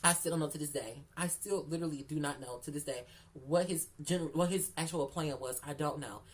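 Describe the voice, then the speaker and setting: A woman with a fairly low voice tells a story in a loose storytime vlog. She is blunt and profane, leans on the listener with "girl", and repeats lines for emphasis. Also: a little fast. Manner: candid, profane, keeps calling the listener "girl". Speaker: storyteller vlogger. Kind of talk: casual storytime chat.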